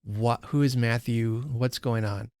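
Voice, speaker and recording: A man's voice: medium pitch, fairly even intonation, measured pace, a little mellow, no room sound, studio quality. A man hosting a casual book read-along, reading passages and musing aloud, often restarting his sentences as he thinks. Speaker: book channel host.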